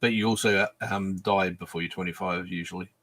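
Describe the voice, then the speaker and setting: Deep-voiced man cracking deadpan jokes. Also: a little fast. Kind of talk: joking panel chat.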